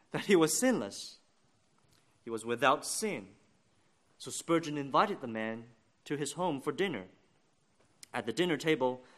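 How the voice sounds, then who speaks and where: Earnest male preacher giving a sermon. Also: a little high. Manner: earnest, deliberate preaching with rising emphasis.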